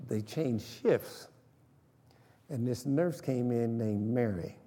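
A man's voice: mid-range voice, animated, slow, dark tone, husky, long reverb tail. A man preaching a sermon, emphatic and calling for responses from the congregation. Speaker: pastor.

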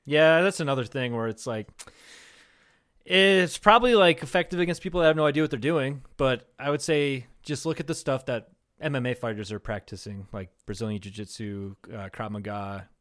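A man's voice: medium pitch, brisk, fairly bright tone. A man co-hosting a casual comedy podcast, telling crude, profane stories and laughing often. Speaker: podcast co-host.

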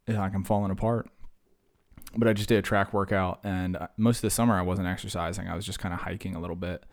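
A man's voice: low-pitched, flat delivery, rapid-fire, vocal fry. A man in his thirties hosting a casual solo podcast, rambling and self-mocking, slightly wheezy after a workout. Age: 30s. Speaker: podcast host.

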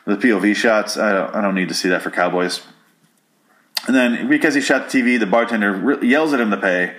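A man's voice: fairly low pitch, brisk, a bit bright. A man giving a rambling, profane, sarcastic recap of a movie, now and then putting on silly voices for its characters. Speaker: film recap commentator. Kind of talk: casual solo movie recap.

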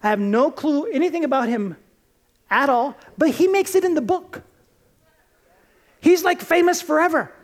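A woman preaching a sermon, telling Bible stories in an animated, conversational way and acting out the quotes. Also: on the high side.

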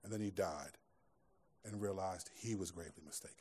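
Before a live congregation in a church room, a pastor with a low, slightly mellow voice speaks a little fast. His sermon is chatty, interspersing scripture with humor and side remarks.

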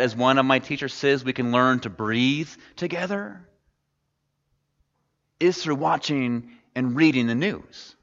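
A man with a mid-range, fairly bright voice preaches as a pastor in a church sanctuary. He talks to the congregation in a conversational way, asking them questions. The large, reverberant hall gives the recording a dull quality.

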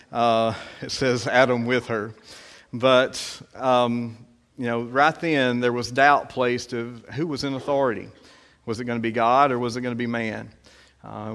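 A man gives a church sermon in an easygoing, conversational way, his voice sitting at an ordinary middle pitch. He stops and restarts often, leaning on little fillers as he reads verses and prays aloud. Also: a bit bright. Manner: conversational, halting, many fillers. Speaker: preacher.

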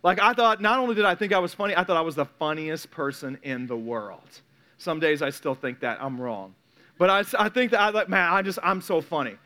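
A man preaching a sermon in a conversational, animated way, addressing the congregation directly and acting out little quoted voices. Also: fairly high pitch, a little fast. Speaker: pastor.

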